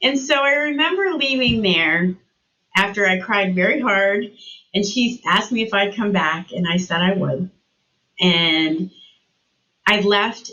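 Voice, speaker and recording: A middle-aged woman speaks as an interview guest, sharing a personal story at an unhurried pace in a mid-range voice. She acts out remembered conversations with lively jumps in her voice. The recording sounds a bit dull and lo-fi. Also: medium pitch. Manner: animated, acts out remembered dialogue.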